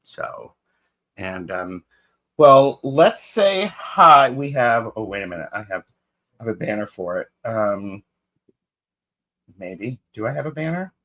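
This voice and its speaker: A man's voice: fairly low pitch, sing-song, slow, pauses often, fairly bright tone. A man co-hosting a live tarot stream in casual chat, greeting viewers by name with fillers and restarts.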